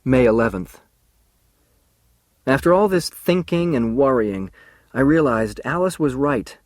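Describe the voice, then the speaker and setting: Expressive male audiobook narrator. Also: medium pitch, a little slow, no room sound. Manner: earnest, emotional, expressive. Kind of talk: first-person audiobook reading.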